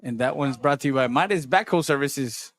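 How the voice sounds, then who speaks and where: A man's voice: medium pitch, fairly quick, dry recording, studio quality. A man calling baseball play-by-play and reading sponsor plugs in a casual tone. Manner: chatty, reads sponsor plugs. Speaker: baseball commentator.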